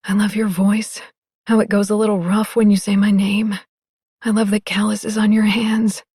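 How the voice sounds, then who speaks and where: A woman's voice: medium pitch, level tone, normal speed, mellow, slightly rough, no room sound, studio quality, lightly acted. A woman voicing a tearful young woman in love in an audiobook, lifting her voice in a pleading, emotional way. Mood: loving. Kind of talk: audiobook character voice.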